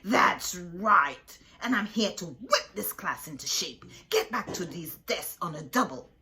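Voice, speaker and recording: A woman's voice: on the low side, expressive, exaggerated voice. A woman voicing a strict, villainous substitute teacher with a scratchy voice, for a read-aloud storybook. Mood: stern. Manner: stern, bossy, slow and loud.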